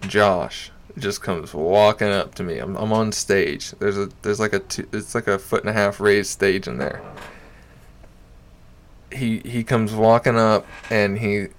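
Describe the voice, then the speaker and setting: A man's voice: on the low side, measured pace. A man telling a bar story in a casual, rambling way. He swears often, fills his talk with "you know" and "like", and laughs as he goes. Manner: profane and rambling, full of fillers; animated, laughing while he recounts. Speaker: amateur stand-up comic.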